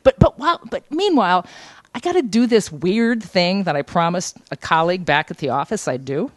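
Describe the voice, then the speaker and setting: Woman, journalism instructor, lively storytelling, pitch swooping up and down, dry close sound. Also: fairly quick, no room sound. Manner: animated, conversational, acts out quotes. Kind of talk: anecdotal seminar storytelling.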